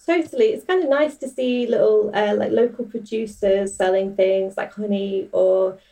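Gravelly, mellow woman host, off-mic. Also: medium pitch, steady tone, normal speed, far from the mic, poor audio. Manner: chatty, enthusiastic, many fillers. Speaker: podcast host. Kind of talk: casual food chat.

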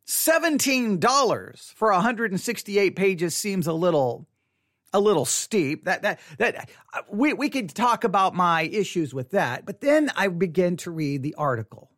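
Lively high-voiced man hosting a podcast. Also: measured pace, dry recording, clean studio sound. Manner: rambling, repeats himself, self-interrupting. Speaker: podcast host. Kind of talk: casual devotional podcast monologue. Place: studio. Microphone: studio mic.

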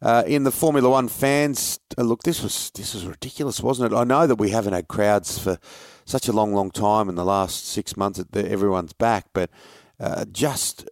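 Low-voiced sports podcast host. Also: male voice, moderate pace, no echo, studio quality. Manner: conversational, leads the segments. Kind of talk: casual sports chat.

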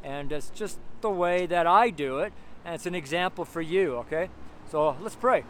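A man's voice: fairly high pitch, moderate pace, a little hiss or hum. A man giving a street sermon and prayer, preaching emphatically with lots of repetition and fillers.

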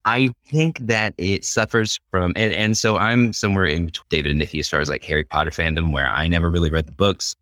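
A man's voice: low voice, steady tone, fairly quick, few pauses, a bit bright, dry recording. A man co-hosting a podcast, giving thoughtful, rambling opinions about a movie in casual chat. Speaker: podcast co-host.

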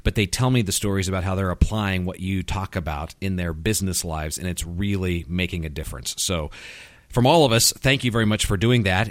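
A man's voice: lowish voice, no echo, clean studio sound. A man hosting a podcast, talking in a friendly, complimentary way with his guest. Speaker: podcast host. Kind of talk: casual interview chat.

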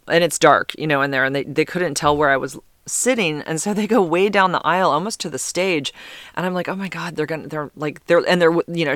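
A man tells a story on his home podcast, rambling and chatty and full of fillers. His voice sits a little high and sounds smooth and clean. The close podcast mic makes the sound dry. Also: bright, forceful tone, no echo. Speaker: podcast host. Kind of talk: casual storytelling.

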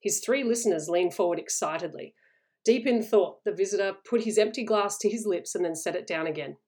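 Woman reading a storybook, steady and even, mid pitch. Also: brisk. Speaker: narrator.

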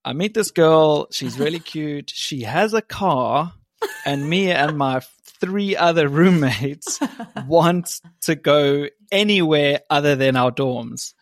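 Gravelly-voiced young man, laid-back. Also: on the high side, expressive, slow, no echo, clean studio sound. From South Africa. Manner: laid-back, laughs while telling stories. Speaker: podcast guest. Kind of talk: casual chat.

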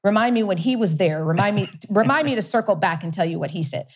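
A woman's voice: medium pitch, lively intonation, quick pace. A middle-aged woman, a company founder in an interview, telling her story with energy, laughing often and restarting sentences. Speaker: whiskey company founder and investor being interviewed.

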